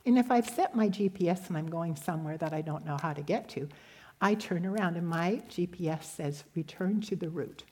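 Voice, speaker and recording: A woman giving a gentle devotional sermon that tells a story and ends in prayer. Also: fairly low pitch, brisk. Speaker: speaker giving a devotional talk.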